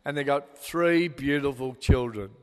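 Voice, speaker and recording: Speaking at a measured pace in a medium-pitched voice, an older man with an Australian accent delivers a sentimental father-of-the-bride speech. He rambles with plenty of fillers and restarts, and long hall reverb surrounds the recording.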